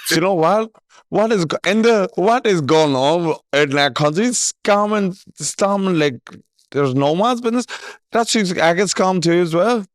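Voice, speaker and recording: A man's voice: high-pitched, expressive, unhurried, dry recording, clean studio sound. A man hosting a podcast in casual chat, telling stories animatedly, swearing freely and laughing often. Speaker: podcast host.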